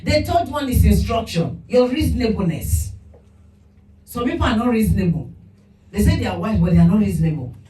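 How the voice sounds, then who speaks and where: Lady preaching a lively sermon, mellow voice, roomy echo, kinda far from the mic. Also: mid-range voice, a little fast. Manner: animated preaching with laughs and quoted voices. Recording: echoey room from far off with music.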